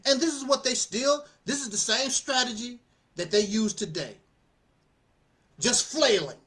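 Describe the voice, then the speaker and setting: A man giving casual spoken commentary as a channel host, animated and preachy, often laughing and repeating phrases. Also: very high-pitched, unhurried.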